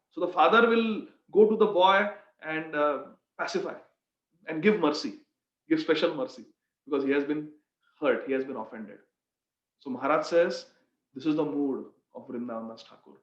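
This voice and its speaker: A man's voice: on the high side, expressive, moderate pace. A man leading a devotional scripture class, explaining with stories and addressing listeners as dear friends. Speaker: scripture teacher. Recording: roomy, dull lo-fi sound.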